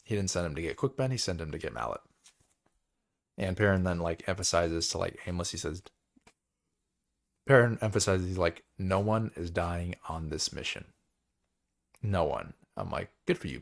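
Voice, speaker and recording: Low-voiced tired man recapping a book. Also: vocal fry. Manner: rambling, filler-heavy, paraphrases characters in quick voices. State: tired, yawning. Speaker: book club host. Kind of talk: casual book chapter recap.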